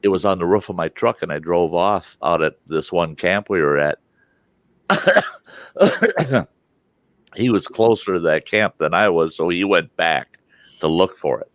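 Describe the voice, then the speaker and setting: Older host, folksy yarn-spinner, low and dry. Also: male voice, unhurried, dry recording. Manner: folksy storyteller, laughs a lot. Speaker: livestream host. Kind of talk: casual chat.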